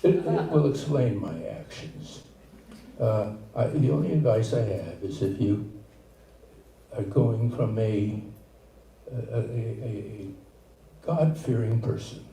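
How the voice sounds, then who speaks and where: An older man performing a stand-up comedy set in a small venue, with a rambling, halting delivery full of asides. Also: medium pitch, creaky, slight background noise. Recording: echoey room, distant mic, loud ambience. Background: audience laughter.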